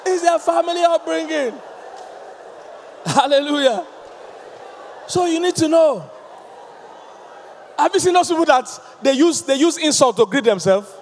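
A man with a Nigerian accent preaching a sermon as pastor, with lively, emphatic delivery and questions thrown out to the congregation. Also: very high-pitched, a little slow, pauses often, in a large hall, some chatter behind, slight background noise.

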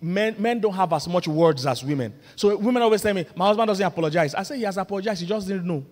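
A male pastor, preaching a lively, humorous sermon that builds to loud emphatic points. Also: on the high side. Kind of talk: sermon on marriage. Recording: long reverb of a large hall.

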